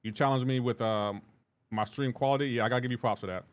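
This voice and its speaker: A man's voice: medium pitch, steady tone, quick pace. Laid-back man chatting on a game stream. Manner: laid-back, reads chat messages aloud and answers them; rambling with frequent restarts and asides to gameplay. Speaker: live streamer. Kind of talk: casual gaming livestream chat.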